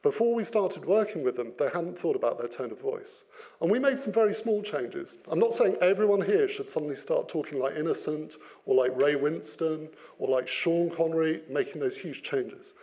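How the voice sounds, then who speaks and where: A man giving an interactive business talk, lively and playful, putting questions to his audience. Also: fairly high pitch, normal speed. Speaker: business speaker.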